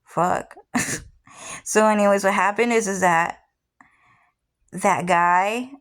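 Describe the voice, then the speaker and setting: A woman's voice: mid-range voice, takes it slowly, a bit bright. A woman in her thirties telling a personal story in a casual, rambling way, often repeating herself and swearing. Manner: rambling, repeats "what happened is", swears freely. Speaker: vlogger.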